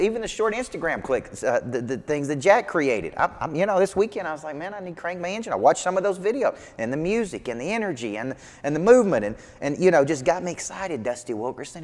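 A man giving an energetic motivational sales talk as a business coach, emphatic and repetitive. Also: mid-range voice. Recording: long hall reverb.

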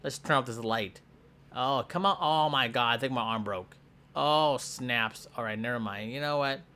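A man's voice: mid-range voice, normal speed, close to an everyday voice. Bob, a man voicing a hyper boastful schoolboy. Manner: excitable, goofy, jumps between squeals and mutters. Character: hyper boastful schoolboy hero with a pet shark. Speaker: gameplay voice actor. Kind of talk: comedic game voiceover.

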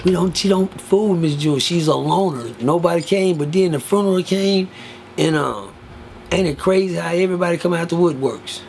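Man, casual storyteller; raised voice, gravel in it, colorful and crude, animated. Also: on the high side, fairly quick, a little hiss or hum. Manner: profane, animated, acts out other people's lines in a raised voice.

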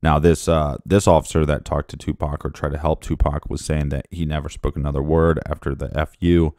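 A man's voice: a bass voice, level tone, fairly quick, darkish tone, no echo, studio quality. A man co-hosting a casual true-crime podcast, chiming in with questions and extra details. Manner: interjects with questions and added details. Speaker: podcast co-host.

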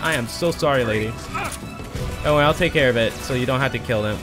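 A man's voice: medium pitch, lively intonation, quick pace, over music. Self-mocking male game streamer. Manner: self-deprecating, rambling, pleads with a game character. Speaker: gaming streamer. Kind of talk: casual gameplay commentary. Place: home room with a TV. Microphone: desk mic on an arm.

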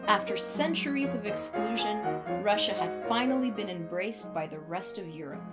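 A woman narrates a picture-book story with expressive, shifting delivery. Her pitch sits in a middle range. Piano music plays clearly beneath her reading. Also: moderate pace. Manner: expressive, varied.

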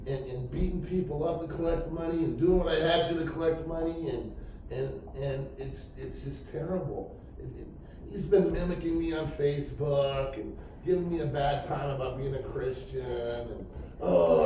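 A middle-aged man giving a spoken testimony at a night church service, telling his story loosely and acting out what people said. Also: mid-range voice. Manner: rambling storyteller who acts out quoted speech. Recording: echoey church hall from far off, faint hiss.

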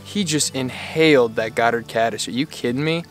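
Male angler-vlogger, excitable and exclamatory, outdoors by a creek. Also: medium pitch, moderate pace, soft background music. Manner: excitable, exclaiming, laughing often. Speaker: fly fishing vlogger. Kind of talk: excited outdoor vlog commentary.

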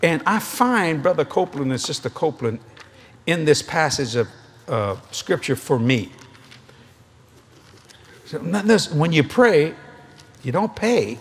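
A middle-aged man preaching a sermon at a convention, an animated, joking storyteller. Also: fairly high pitch, unhurried, pauses often, slightly rough.

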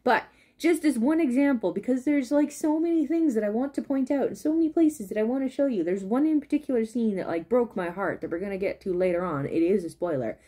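Woman vlogger, lively swooping voice, warm and mellow, rambling, laughs often. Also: on the high side, brisk. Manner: rambling, animated, loses her train of thought; laughs often while talking. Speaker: drama reviewer. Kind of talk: casual video commentary.

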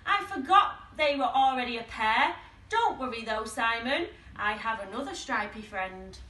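A woman's voice: a little high, expressive, a little slow, sharp tone. A woman voicing Ted, an eager, cheerful toy friend trying to help, recorded in an echoey room with the mic at a distance.

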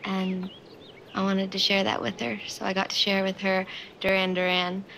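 A young woman in her twenties, talking softly and a little hesitantly on a VR date. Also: mid-range voice, completely flat delivery, normal speed, vocal fry, a little hiss or hum. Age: 20s. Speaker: VR dating partner. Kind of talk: casual chat.

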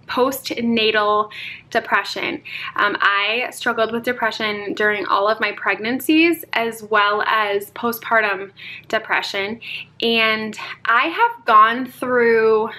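Bright chatty young mom vlogger. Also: female voice, a little high. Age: young adult. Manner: chatty, laughs often, addresses viewers as "you guys". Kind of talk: casual chat to camera.

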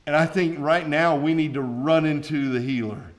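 A man's voice: on the high side, moderate pace. A man, a pastor preaching a sermon with folksy asides and rising intensity.

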